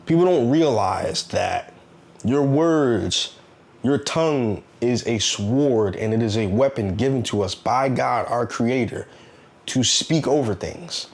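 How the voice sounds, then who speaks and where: A man's voice: medium pitch, expressive, takes it slowly, creaky. Earnest man giving a preachy talk. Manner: earnest, repetitive, preachy, with rhetorical questions. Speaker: self-help vlogger. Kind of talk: casual motivational talk.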